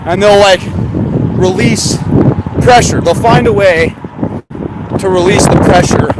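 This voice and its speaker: A man's voice: high-pitched, a little slow, very noisy. A man livestreaming from his car, rambling casually with sarcastic rhetorical questions. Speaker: conspiracy vlogger. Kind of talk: casual livestream chat while driving.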